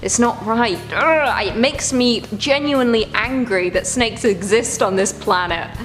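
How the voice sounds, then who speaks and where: A woman's voice: on the high side, a little slow, fairly bright tone, faint music behind. A woman hosting a reaction video, chatting casually and groaning in disgust as she rambles. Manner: squeamish, exclaiming, rambling.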